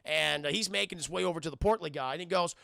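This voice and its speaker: A man's voice: a little high, fast talker, creaky, sharp tone, no room sound, clean studio sound. A man casually retelling a film scene by scene on a live stream, rambling, swearing often and talking to his chat.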